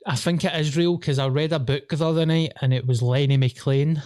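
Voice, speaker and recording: A man's voice: a little high, steady tone, fairly quick, darkish tone, no room sound, studio quality. A man with a Glaswegian accent hosting a podcast, telling sweary stories and laughing often in casual chat. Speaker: podcast host.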